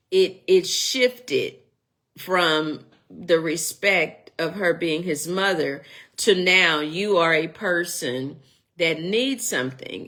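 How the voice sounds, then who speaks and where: Slow, low-voiced woman teaching Bible lesson. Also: a bit bright. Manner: chatty, digressive, jokes and restarts. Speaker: Sunday school teacher.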